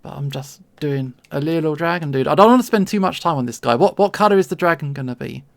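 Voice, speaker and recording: A man's voice: fairly high pitch, lively intonation, fast, vocal fry, dry recording. A man streaming casual chat to his viewers while he draws, friendly and rambling, often repeating words as he starts a sentence. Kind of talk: casual chat to a livestream audience while drawing.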